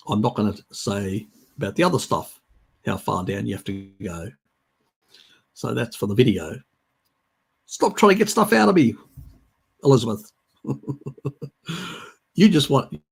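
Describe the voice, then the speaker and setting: A man's voice: lowish voice, a little mellow, slightly rough. A man hosting a livestream, answering viewer questions in a chatty, rambling way. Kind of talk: casual livestream Q&A.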